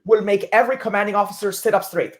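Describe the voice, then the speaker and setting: A woman guest on a sports podcast, giving her views in a measured, opinionated way. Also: medium pitch, steady tone. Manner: measured, opinionated, with military comparisons. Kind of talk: casual sports talk.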